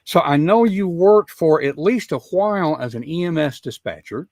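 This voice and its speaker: A man's voice: a little high, expressive, moderate pace, a little mellow, no echo, clean studio sound. A man with a Southern US accent hosting an interview podcast, chatty and folksy, often repeating words as he gets going. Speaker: podcast host. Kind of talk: casual interview chat.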